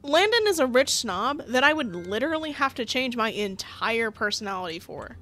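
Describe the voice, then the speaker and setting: A young woman talks through a story game in casual commentary. Her voice sits high and swings widely in pitch, and she breaks into frequent laughs and easy swearing when something annoys her. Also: big pitch swings, normal speed, a bit bright, faint music behind. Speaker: gamer playing a story game.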